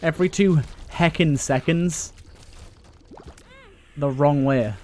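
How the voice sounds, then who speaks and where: Young male let's player, slightly higher voice, casual, swears, chats to the game. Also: takes it slowly, a little mellow. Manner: joking, grumbling, swears, talks to the game. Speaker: let's play gamer. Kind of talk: casual gameplay commentary.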